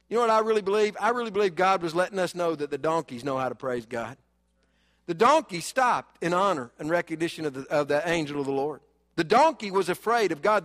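Pastor, high tenor, preaching with big swings from loud urging to quiet asides; long hall reverb. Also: male voice. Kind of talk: sermon.

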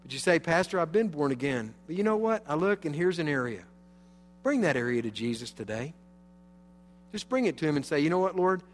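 Pastor guy preaching, fairly high voice, big swings loud to quiet, echoey church. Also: sing-song, fairly quick, slight background noise. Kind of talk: sermon. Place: church sanctuary.

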